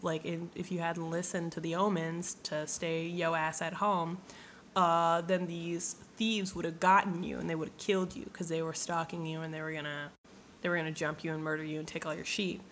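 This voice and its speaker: A woman's voice: on the low side, flat delivery, moderate pace, fairly bright tone, slight background noise, lightly acted. A woman doing a blunt, slangy old alchemist mentor. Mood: lecturing. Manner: blunt, slangy, matter-of-fact.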